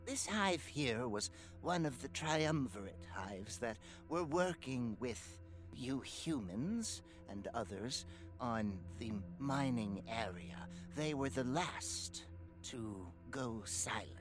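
A man's voice: medium pitch, expressive, music in the background. A man voicing a cold, contemptuous insect queen. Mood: grave. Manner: contemptuous, measured and aloof. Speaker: game master.

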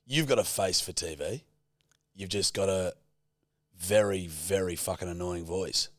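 A man's voice: low-pitched, measured pace, no room sound. A man co-hosting a podcast, teasing his co-host with dry, sarcastic, swearing banter. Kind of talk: casual banter.

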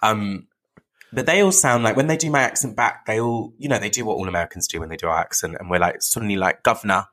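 A man with a Bristolian accent, a podcast guest chatting casually and animatedly, with lots of fillers. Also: fairly low pitch. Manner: animated, lots of "like" and quick laughs. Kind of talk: casual chat.

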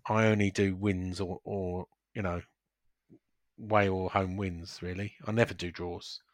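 A man's voice: deep voice, flat delivery, unhurried, no echo. A man hosting a casual football podcast, chatty, running through fixtures and scores. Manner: chatty, reads fixtures and scores, laughs often. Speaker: podcast host.

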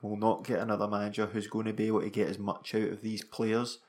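A man's voice: fairly low pitch, little pitch movement, quick pace, darkish tone. A Scottish man co-hosting a football podcast, making his points earnestly and emphatically. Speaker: podcast co-host. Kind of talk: casual football podcast chat.

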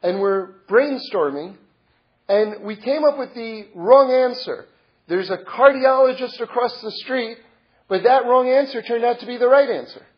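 Halting, husky-voiced man telling a story. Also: very high-pitched, muffled recording. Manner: halting, many repeated words and restarts; earnest, reflective. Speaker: speaker sharing a religious lesson. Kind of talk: personal storytelling talk.

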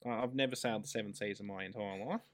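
A man's voice: lowish voice, rapid-fire. An Australian man co-hosting a podcast, chatting casually and cracking jokes in short remarks. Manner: joking, brief interjections. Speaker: podcast co-host. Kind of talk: casual chat.

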